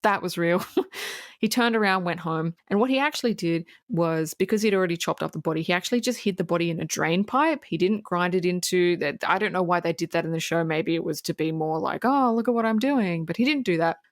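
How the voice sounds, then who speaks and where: A woman's voice: fairly low pitch, brisk, dry recording, clean studio sound. A woman co-hosting a podcast, recapping a series in a chatty, blunt way with free swearing. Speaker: podcast co-host. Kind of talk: casual true-crime recap.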